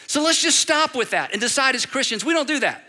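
Male preacher, very high and piercing voice, lively repeating delivery, big reverberant hall. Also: brisk. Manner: animated preaching with repeated phrases and acted quotes. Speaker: pastor. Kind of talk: sermon. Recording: long reverb of a large hall.

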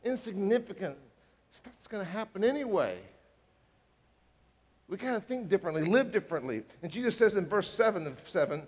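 A man preaching a sermon as a pastor, emphatic and animated, acting out bits of dialogue. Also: high voice, fairly quick, long pauses. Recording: reverberant hall.

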